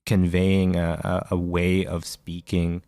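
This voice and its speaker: A man with a low, deep voice talks through a game in a loose, rambling podcast chat. He keeps circling back with fillers and restarts as he finds his words. The sound is close and dry, with no room around him. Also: completely flat delivery, takes it slowly, mellow, clear, resonant tone, no echo. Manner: hesitant, many fillers and restarts. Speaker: podcast co-host. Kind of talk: casual chat about video games.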